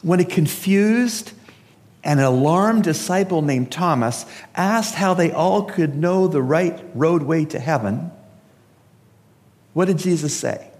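Slow, lively-pitched preacher man in a hall. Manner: emphatic preaching with rhetorical questions. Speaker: pastor. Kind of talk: funeral sermon. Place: church service. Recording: long reverb of a large hall.

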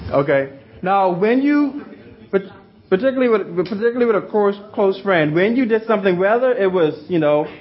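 A young man teaching a class, rambling, repeating words and asking the room questions, in a slightly muffled recording. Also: fairly high pitch. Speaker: youth teacher. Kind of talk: interactive class talk.

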